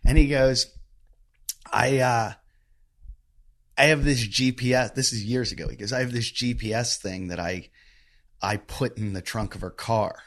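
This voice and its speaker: A man hosting a podcast in casual chat, telling stories and acting out the quotes loudly. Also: mid-range voice, measured pace, pauses often. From from the American West. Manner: animated storyteller, acts out quotes loudly. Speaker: podcast host.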